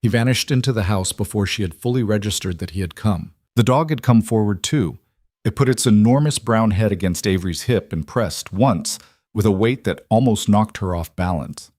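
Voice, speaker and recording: Low-voiced male story narrator. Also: no room sound, studio quality. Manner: measured, even storytelling.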